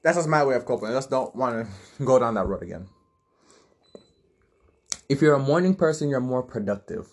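Blunt animated young man, husky voice. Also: medium pitch, fairly quick, pauses often. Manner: blunt, laughs easily, animated storytelling. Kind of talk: casual chat.

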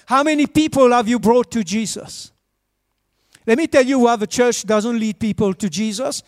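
Pastor guy preaching, super high voice, dry sound, keeps pushing the church to say amen. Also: moderate pace, no echo. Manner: urges the congregation to respond. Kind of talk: sermon.

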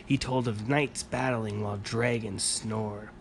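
A man reading a picture book aloud to a child at bedtime, calm and even, stopping now and then to ask the child questions. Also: on the low side, a little slow, vocal fry, very noisy. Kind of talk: bedtime story read-aloud.

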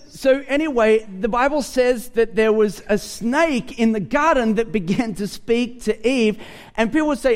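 A man preaching a sermon to a congregation, animated and humorous, often repeating words as he starts sentences. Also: extremely high pitch. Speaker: pastor.

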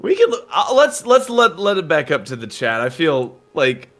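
A man's voice: on the high side, wildly swooping pitch, normal speed, fairly bright tone. A man chatting casually as a guest on a stream, laughing often and playful.

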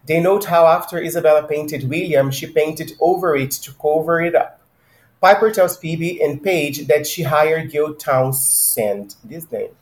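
A man's voice: fairly high pitch, a little slow. A man co-hosting a casual book discussion podcast, chatty and laughing easily, with frequent ums. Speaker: podcast co-host. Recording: roomy echo.

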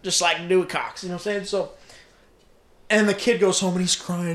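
A man's voice: sits high, a little fast, long pauses. A young man casually retelling a film plot, swearing freely and laughing often. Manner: profane, laughing, animated storytelling. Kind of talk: casual movie recap. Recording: roomy echo.

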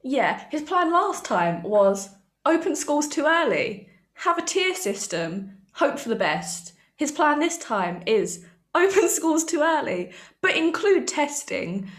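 A woman's voice: sits high, big pitch swings, slow. Wry young British woman chatting. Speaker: podcast co-host. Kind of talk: casual chat.

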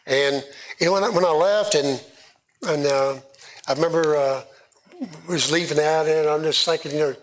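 Halting man preaching. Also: a little high, steady tone. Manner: halting, repeats words and restarts. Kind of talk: sermon testimony.

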